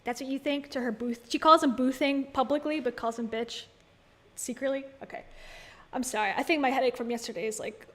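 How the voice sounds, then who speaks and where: A woman with a high, bright voice gives sarcastic, playful commentary. The delivery is loose and chatty, with a teasing edge. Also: steady tone, a little fast. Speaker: commentary YouTuber. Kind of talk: casual commentary.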